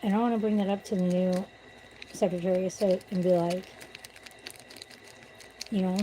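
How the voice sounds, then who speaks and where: A woman's voice: on the low side, fairly even intonation, moderate pace, long pauses, warm tone, a little hiss or hum, rough recording. A woman on a casual livestream at home, venting bluntly and with swearing about corruption. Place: at home with pets.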